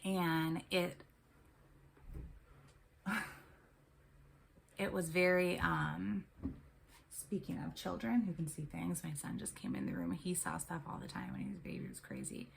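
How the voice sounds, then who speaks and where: Woman, casual vlog storytelling, rambling, low-pitched, gravelly. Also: big pitch swings, a little slow, long pauses, a little hiss or hum. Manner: rambling, chatty, with many ums and restarts. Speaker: tarot and spirituality vlogger; mother of three.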